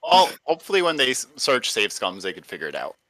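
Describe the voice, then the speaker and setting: A man's voice: mid-range voice, huge pitch swings, fast, pushed and bright, dry recording. A man co-hosting a casual podcast over a voice call on a headset mic, making dry, teasing remarks. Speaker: podcast co-host. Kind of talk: casual chat.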